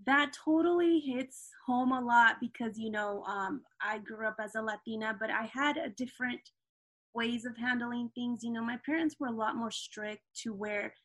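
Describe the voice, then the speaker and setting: A woman's voice: on the high side, moderate pace, a bit bright. A middle-aged woman talking casually as an interview guest, filling her speech with "you know" asides.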